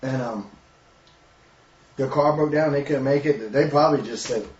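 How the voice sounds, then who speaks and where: A man's voice: medium pitch, normal speed, a little mellow. A man telling laid-back stories in a casual chat as a co-host. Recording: roomy, distant, muffled live-stream audio with faint noise.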